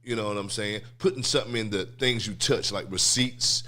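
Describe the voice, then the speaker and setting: Bright-voiced animated man talking casually. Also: fairly low pitch, brisk. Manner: animated, streetwise, repeats "you know what I'm saying". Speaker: podcast co-host. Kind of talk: casual chat.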